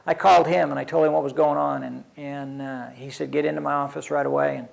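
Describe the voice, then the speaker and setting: A man's voice: fairly high pitch, fairly even intonation, fast talker, gravelly, low-quality recording. An older man, an addiction counselor, telling his own recovery story in a wry, self-deprecating, conversational way. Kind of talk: personal storytelling.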